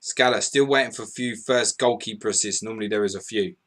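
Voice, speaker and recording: A man hosting a live fantasy football stream, excitedly reading out scores and viewer messages, swearing and laughing as he goes. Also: on the low side, fast talker. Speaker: podcast host.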